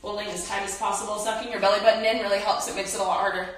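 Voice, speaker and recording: A woman's voice: medium pitch, little pitch movement, very fast, fairly bright tone. A young woman leading a casual home workout, chatty and out of breath as she exercises while talking. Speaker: workout instructor. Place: home room. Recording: very echoey room, from a distance.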